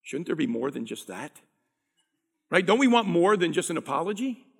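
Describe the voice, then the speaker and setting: A middle-aged man preaching a sermon, animated and drawing call-and-response from the congregation. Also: a little high, normal speed, vocal fry, slightly rough. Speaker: pastor.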